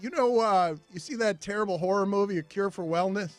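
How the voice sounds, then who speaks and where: A high-voiced man hosts a sports talk radio show, joking around and breaking into laughter. His delivery is animated and casual, with faint music behind him. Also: a little fast.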